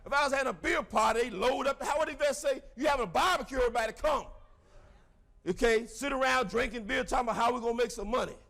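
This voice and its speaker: Fiery, high-pitched male motivational speaker. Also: fast, vocal fry, few pauses. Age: middle-aged. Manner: fiery, preacherly, bursts into shouts. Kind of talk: motivational speech to a crowd.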